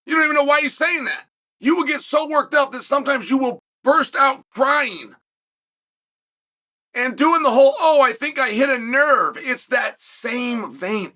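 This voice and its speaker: Male host, solo commentary, forceful and repetitive for emphasis, bright tone. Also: very high-pitched, animated, moderate pace. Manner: emphatic, builds points through repetition.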